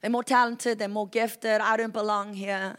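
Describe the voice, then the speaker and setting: A woman from Africa, preaching a sermon with intense, fervent energy that swings between loud declarations and quiet confession. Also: mid-range voice, little pitch movement, normal speed, smooth. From South Africa.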